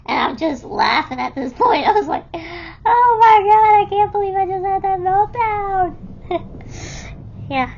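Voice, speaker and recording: High-voiced woman telling stories slowly. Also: vocal fry, breathy edge, dull audio. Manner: laughs often while telling, animated quoting of others. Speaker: vlogger telling her life story. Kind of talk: casual storytelling.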